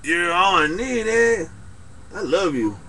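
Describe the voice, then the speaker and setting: A man's voice: high voice, big pitch swings, slow, pushed and bright, slight background noise, exaggerated voice. A young man playing a tough but sentimental male ex-convict, ending lines with a drawled "eh?". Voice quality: drawls tag "eh?" after lines. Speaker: comedy performer. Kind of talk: improvised comedy skit.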